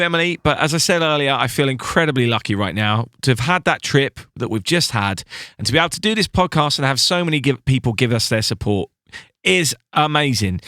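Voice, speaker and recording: A man's voice: mid-range voice, pushed and bright, dry recording, studio quality. A man co-hosting a podcast in casual chat, restarting his sentences often and laughing easily. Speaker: podcast co-host.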